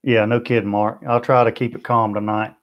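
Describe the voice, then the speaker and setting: A man's voice: on the low side, flat delivery, brisk, muffled recording. Chatty Southern man on a livestream. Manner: friendly, chatty, answers viewer comments one by one. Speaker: BBQ channel host. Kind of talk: livestream chat.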